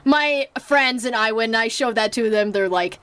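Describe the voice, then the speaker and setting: A woman's voice: a little high, moderate pace, fairly bright tone. A young woman casually reviewing a movie at home, chatty and rambling with lots of fillers and restarts, acting out her own reactions.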